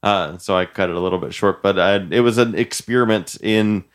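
A young man from Illinois co-hosting a podcast, talking casually with many pauses and self-corrections. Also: fairly low pitch, smooth. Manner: halting, self-correcting, chuckles often. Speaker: podcast co-host and musician. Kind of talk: casual chat.

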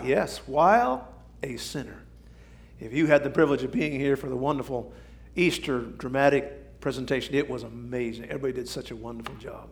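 A man preaching a sermon, swinging from shouting to near whisper for drama. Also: medium pitch, lively intonation, normal speed. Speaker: pastor.

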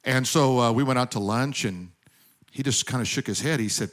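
A male preacher delivers a sermon in a mid-range voice. He tells stories and drives points home loudly. Then he drops into quiet, wry asides. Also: mid-range voice, normal speed. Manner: storytelling with swings between loud emphasis and quiet asides. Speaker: pastor.

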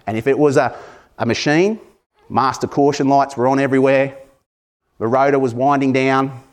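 A man's voice: medium pitch, fairly even intonation, normal speed. A man with an Australian accent preaching a sermon in an earnest manner that builds to emphatic passages.

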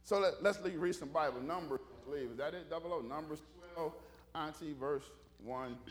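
A man's voice: fairly high pitch, normal speed. A middle-aged male pastor, preaching a folksy sermon full of stories and calls for amens. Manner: folksy storytelling with call-and-response.

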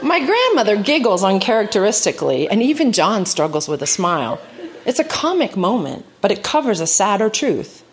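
A woman's voice: mid-range voice, very animated, moderate pace, a crowd in the background. A woman giving a live reading of her personal essay on stage, with a wry storytelling delivery.

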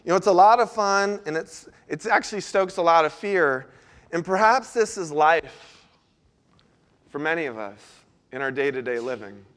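Man, pastor, sermon, animated storytelling, high-pitched, bright tone. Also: moderate pace.

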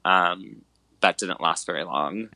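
Young man with a bright, dry voice. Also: low-pitched, slow pace, dry recording, rough recording. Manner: animated storyteller, many fillers like "like" and "um", dramatic retellings. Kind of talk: casual chat.

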